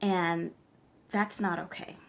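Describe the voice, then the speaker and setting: A slow, creaky, fairly low-pitched woman's voice keeps a steady tone over a slight hiss or hum. She's a tarot reader and spiritual practitioner offering emphatic advice straight to viewers in a vlog, often checking in as she lectures.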